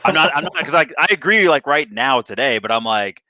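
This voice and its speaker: A man's voice: mid-range voice, animated, brisk, sharp tone, no room sound. A man co-hosting a sports podcast, talking casually and rambling with frequent restarts. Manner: rambling, self-interrupting, restarts often. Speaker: podcast co-host.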